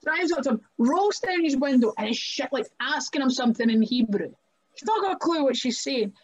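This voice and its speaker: A young woman chats on a podcast with a slightly high voice. She tells her wrestling stories loosely, leaning on "like" and laughing as she goes. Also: lively intonation, brisk, slightly rough, muffled recording. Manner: chatty, many "like" fillers, laughs often. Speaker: guest professional wrestler. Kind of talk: casual podcast storytelling.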